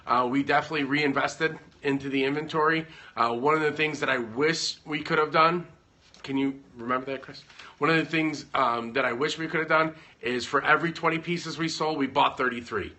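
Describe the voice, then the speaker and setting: A man's voice: mid-range voice, bright, forceful tone. A man chatting casually at home on a livestream, giving business advice in a rambling, joking way. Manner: rambling, self-interrupting, joking.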